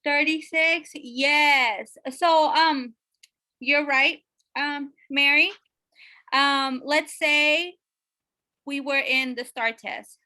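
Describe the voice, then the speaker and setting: A woman teaching a math lesson, asking her students questions and often pausing with fillers. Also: high voice, steady tone, bright, forceful tone. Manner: checks in with questions, many fillers.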